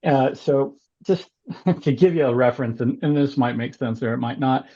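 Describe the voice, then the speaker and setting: A man talking as a guest on a casual podcast, animated, often repeating words and laughing. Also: mid-range voice, normal speed, muffled recording. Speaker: congressional candidate, guest.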